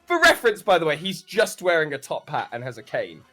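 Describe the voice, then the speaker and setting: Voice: medium pitch, big pitch swings, a little fast, fairly bright tone, faint music behind. A game master narrating a tabletop game in loose, giggly description.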